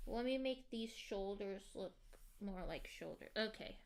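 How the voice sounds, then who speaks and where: A woman's voice: medium pitch, unhurried, a little mellow. A woman streamer chatting casually to her viewers while she draws, with a lot of ums and likes. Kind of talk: casual livestream chat while drawing.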